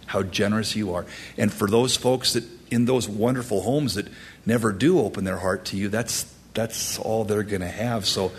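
There's a slight hiss or hum behind this pastor as he preaches an expository sermon to his congregation. He swings animatedly between loud, high-pitched emphasis and hushed whispers.

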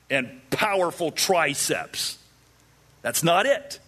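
Male pastor, expository Bible teaching, lively high-ish voice with big swings, playful asides. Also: measured pace. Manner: animated, acts out voices of characters with humor.

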